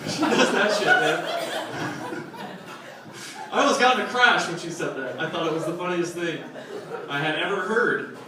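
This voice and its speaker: High-voiced man doing profane stand-up in an echoey club. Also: lively intonation, moderate pace, long pauses. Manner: loose, profane storytelling with audience asides. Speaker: stand-up comic. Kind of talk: stand-up comedy set. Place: comedy club stage. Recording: echoey club sound from a distant mic, crowd laughter. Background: audience laughing.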